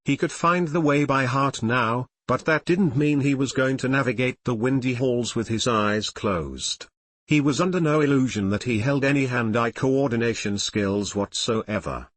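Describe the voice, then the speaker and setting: A man reading fan fiction aloud as narrator, telling the story in an animated way. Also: medium pitch, moderate pace, no echo. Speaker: audiobook reader.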